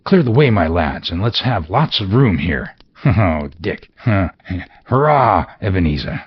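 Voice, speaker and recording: A man voicing a jovial, fat old employer who calls out loudly and cheerfully. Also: medium pitch, huge pitch swings, a little slow, slightly rough, muffled recording, voice pushed up, full character voice. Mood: jovial, hearty. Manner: loud, hearty, cheerful shouting.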